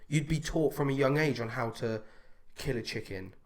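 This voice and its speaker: A man's voice: mid-range voice, normal speed. A young man co-hosting a podcast, chatting casually, swearing and laughing often. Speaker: podcast co-host. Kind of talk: casual chat.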